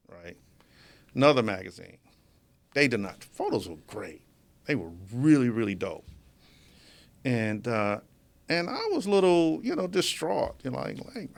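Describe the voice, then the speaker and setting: A man's voice: mid-range voice, sing-song, normal speed, vocal fry, long pauses. A man being interviewed as a guest in a studio, telling his story casually and with animation, often laughing as he talks. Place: media studio.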